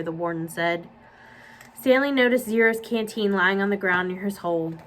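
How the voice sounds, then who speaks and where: A woman children's librarian reading a novel aloud for young listeners, with clear, steady storytelling. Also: medium pitch, normal speed, low-quality recording.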